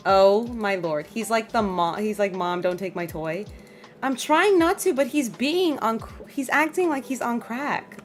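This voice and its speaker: A woman's voice: fairly high pitch, lively intonation, a little slow, few pauses, faint music behind. A woman streaming a game from home in casual chat, laughing often and talking to her dog and her viewers.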